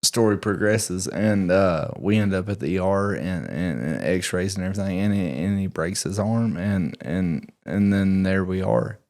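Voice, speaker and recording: A man with a notably deep voice chats casually on a podcast. He tells long, rambling stories about fatherhood and often trips over his words and restarts. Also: a little mellow. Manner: rambling, stammering storyteller. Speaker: podcast co-host. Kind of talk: casual chat.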